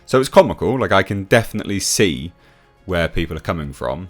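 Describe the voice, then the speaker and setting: A man's voice: low voice, big pitch swings, fairly quick, soft background music. A man delivering a mocking, opinionated commentary vlog with frequent filler sounds. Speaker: YouTube commentator.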